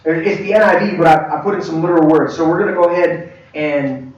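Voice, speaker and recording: A man teaching a church leadership class in a conversational, halting way, with many restarts. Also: on the high side, steady tone, slight background noise. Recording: echoey room, far from mic, dull.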